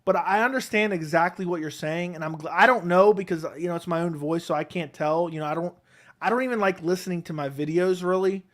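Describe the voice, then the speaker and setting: A man hosting a casual live stream at home, reading chat questions and answering them in a relaxed, rambling way on a close desk mic. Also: high voice, fairly quick. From Connecticut, USA. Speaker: MMA YouTube host reading live chat. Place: home, seated in a chair. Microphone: close desk microphone.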